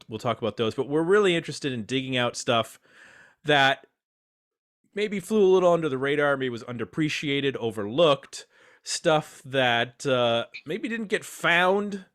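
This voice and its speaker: A man's voice: on the high side, fairly bright tone. A man hosting a casual podcast roundtable, chatty and self-deprecating as he introduces his guests. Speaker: podcast host.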